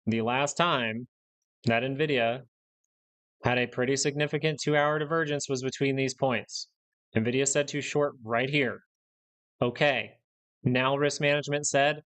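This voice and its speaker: A young man with a mid-range, slightly bright voice hosts a stock market livestream. He's blunt and ranting, going back over his points for emphasis.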